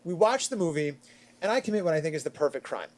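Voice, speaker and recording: A middle-aged man from Long Island, chatting on a podcast and telling a story with lively, acted-out quotes. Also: quick pace. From Long Island, New York. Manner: animated, acts out quotes with big swings in pitch and loudness. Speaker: podcast panelist. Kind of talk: casual storytelling chat.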